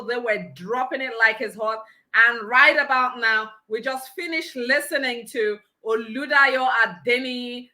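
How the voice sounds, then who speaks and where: Bright-voiced, exuberant woman host. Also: sits high. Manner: exuberant, exclaiming, laughing often. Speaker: conference host. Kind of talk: energetic live event hosting.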